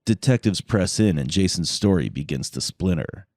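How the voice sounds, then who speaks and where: Deep-voiced man narrating true crime. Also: expressive, normal speed, darkish tone, no echo, studio quality.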